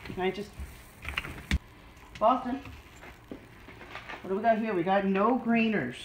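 Young woman vlogger, slow sing-song pet talk, echoey room with background noise. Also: medium pitch. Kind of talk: casual unboxing chat with her dog. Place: home room.

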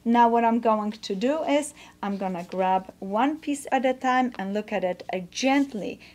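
A woman hosting a quilting lesson, her voice sitting a little high. She walks through each step warmly, gushing over every cut and press. Her exclamations of delight come often. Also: unhurried. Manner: gushing, encouraging, exclaims "oh, wonderful". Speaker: quilting teacher and show host. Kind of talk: instructional demonstration.

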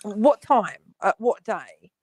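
A woman's voice: medium pitch, lively intonation, slow pace, darkish tone, dry recording, clean studio sound. A woman with a North London accent, swearing bluntly and laughing as a guest on a casual live-stream panel. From London, England.

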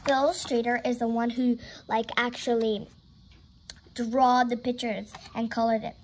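A woman's voice: a little high, level tone, moderate pace, a little hiss or hum. A woman reading a children's picture book aloud, playful and exclaiming, turning to chat with her viewers between pages. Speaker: storyteller.

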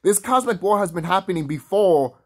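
A man's voice: high voice, expressive, a little fast, a little mellow. A man ranting casually to camera in a profane, heated and rambling way. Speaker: vlogger.

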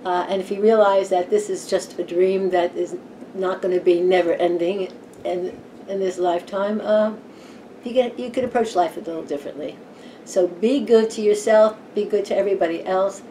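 A woman's voice: medium pitch, steady tone, normal speed, warm tone, slight background noise. Chatty, giggly woman vlogging about tarot. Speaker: tarot channel host. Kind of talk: casual vlog chat. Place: home room with a fan running.

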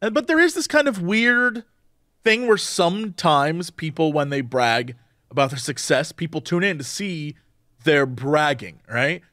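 A young man co-hosting a podcast, ranting in a casual, opinionated, animated way. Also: fairly high pitch, unhurried, no room sound, studio quality. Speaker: podcast co-host. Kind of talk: casual chat.

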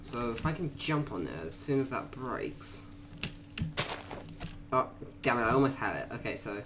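A man doing let's play commentary, muttering quietly to himself and then bursting into panicked shrieks and swearing. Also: mid-range voice, very animated, normal speed, noisy background. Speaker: gaming YouTuber.

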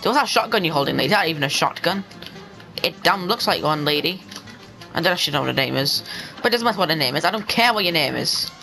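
A young man giving excitable let's-play commentary, talking to the game and to his viewers and bursting into yells. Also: fairly high pitch, quick pace, gravelly, faint music behind, poor audio. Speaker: gaming channel host.

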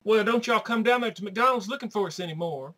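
A man's voice: high voice, fast, fairly bright tone. A man playing a crude, gossipy middle-aged woman in a comedy sketch. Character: brassy crude Southern middle-aged woman, Aunt Charlene.

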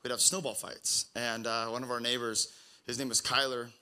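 A man's voice: mid-range voice, flat delivery, normal speed, pushed and bright, clear, resonant tone. A young man from the Pacific Northwest preaching a sermon in a casual, rambling way, full of fillers and restarts. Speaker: pastor.

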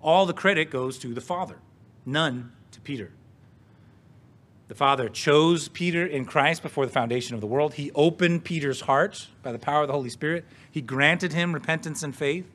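A man, the pastor, preaching a sermon in a measured, earnest way, stressing key words and asking rhetorical questions, and now and then clearing his throat. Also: fairly high pitch, fairly bright tone.

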